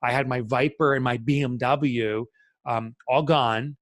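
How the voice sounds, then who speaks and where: A man's voice: medium pitch, steady tone, a little slow, no echo. A middle-aged man, a podcast guest, telling a candid personal story in an earnest, reflective way with many fillers.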